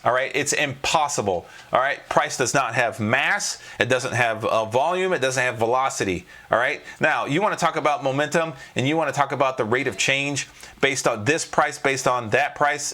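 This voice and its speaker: A man hosts a live trading show and talks viewers through stock charts. His delivery is animated and emphatic, and he keeps checking in with a quick "all right?". His voice has a bright, forward tone. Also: mid-range voice. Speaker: trading coach and show host.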